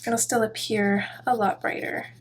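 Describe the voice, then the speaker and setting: A woman hosting a coloring tutorial, talking through each step in a relaxed, chatty way with soft, self-deprecating asides. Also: a little high, moderate pace, a little hiss or hum.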